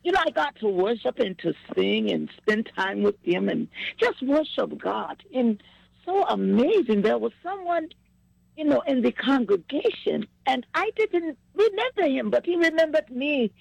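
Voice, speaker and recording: A gravelly woman who gushes and repeats herself, drifting into preaching. The room is dry and close, with no echo. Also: fairly high pitch, big pitch swings, moderate pace. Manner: effusive, repetitive, preachy. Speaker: singer sharing news with family. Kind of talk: casual chat.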